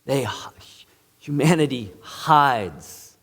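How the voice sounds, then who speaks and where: A man's voice: mid-range voice, expressive, extremely slow, fairly bright tone, long reverb tail. A male pastor preaching a sermon in an earnest, emphatic way, in a church sanctuary.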